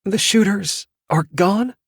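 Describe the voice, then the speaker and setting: A woman's voice: medium pitch, takes it slowly, gravelly, breathy edge, dry recording, clean studio sound, voice pushed up, heavily acted. A man reading an audiobook, voicing a frightened pregnant young woman who pleads anxiously. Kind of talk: audiobook dialogue.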